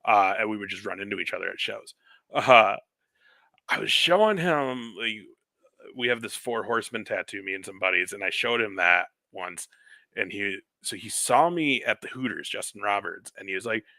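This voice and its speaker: A man's voice: lowish voice, moderate pace, gravelly, bright, forceful tone, dry recording, clean studio sound. A man co-hosting a podcast, chatting casually and telling rambling stories with heavy swearing. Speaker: podcast co-host. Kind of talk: casual chat.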